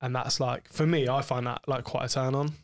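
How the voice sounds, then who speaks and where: A man's voice: medium pitch, steady tone, fairly quick, no echo. A man, co-hosting a podcast, talking frankly and explicitly about sex in a rambling way with many fillers. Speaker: podcast co-host.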